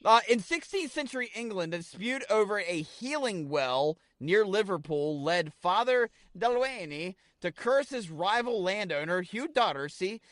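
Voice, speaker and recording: A podcast co-host who rambles excitably and swears freely as he tells local ghost lore. His voice sits a little high for a man. The mic sounds close and dry, with no room sound. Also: a little slow, few pauses, no echo. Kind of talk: casual chat.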